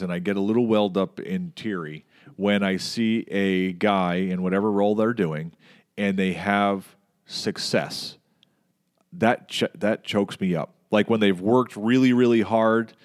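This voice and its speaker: A man hosting a podcast, chatting casually and telling stories with animated, acted-out scenes. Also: sits low. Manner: animated storyteller, acts out scenes. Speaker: podcast host. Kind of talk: casual chat.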